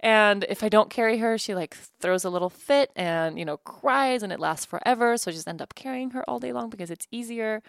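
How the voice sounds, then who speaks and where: This is a casual solo podcast by a woman in her thirties recording at home, candid and loose, often laughing and starting sentences over. Her medium-pitched voice is animated, creaky, a little fast, and nearly pause-free. The sound is clean and studio-like, with no room sound.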